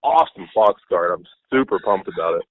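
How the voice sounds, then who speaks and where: A man co-hosting a casual sports podcast, excitable, blunt and profane. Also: sits low, fairly quick. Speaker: podcast co-host. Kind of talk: casual chat. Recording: tinny phone-like line.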